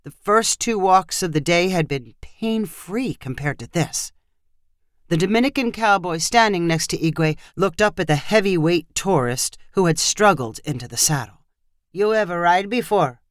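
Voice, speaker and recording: Story narrator, steady and measured, mid pitch, dry close sound. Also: no echo.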